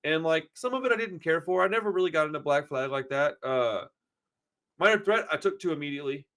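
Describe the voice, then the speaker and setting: Profane, rambling man with a higher voice. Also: animated, fast talker, fairly bright tone. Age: 40s. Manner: rambling, profane storyteller, says dude a lot. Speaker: podcast host. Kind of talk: casual chat.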